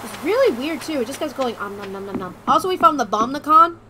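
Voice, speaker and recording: A woman hosting a casual co-op gaming session, goofy and excitable, joking around with friends over a voice chat mic. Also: sits high, fast talker. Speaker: let's play host. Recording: noisy background hiss.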